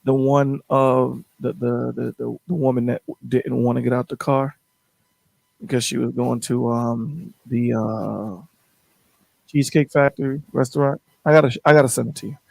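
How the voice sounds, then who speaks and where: A man hosts a call-in show and tells a story in loose, casual chat, often stumbling and repeating words. His voice has a gravelly edge. The sound is dry and close. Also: medium pitch, steady tone, moderate pace, darkish tone, dry recording. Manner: rambling, repeats words while telling a story.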